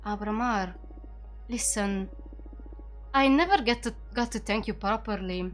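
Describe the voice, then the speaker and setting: A woman reading the lines of an earnest exiled young witch in a soft, heartfelt voice. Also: medium pitch, unhurried, faint music behind, close to an everyday voice. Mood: tender.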